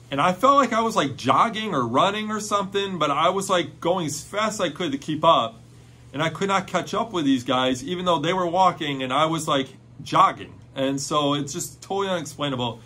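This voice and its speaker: A man telling a personal faith testimony in an excited, storytelling way, full of "like" fillers. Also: fairly high pitch, breathy edge.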